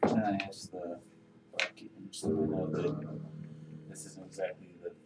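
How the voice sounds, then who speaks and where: A man playing a tabletop game, speaking in a halting, casual way. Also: sits low, level tone. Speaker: player. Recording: roomy distant mic with noise.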